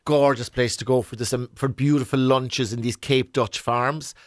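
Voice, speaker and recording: A man's voice: medium pitch, steady tone, normal speed, no echo, clean studio sound. A man chatting enthusiastically on radio about travel, rambling with restarts. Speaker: travel expert guest. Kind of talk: casual radio chat.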